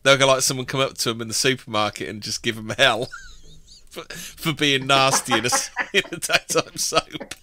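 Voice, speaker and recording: A man's voice: medium pitch, moderate pace, sharp tone, slight background noise. A man in a casual chat, speaking hesitantly with many ums.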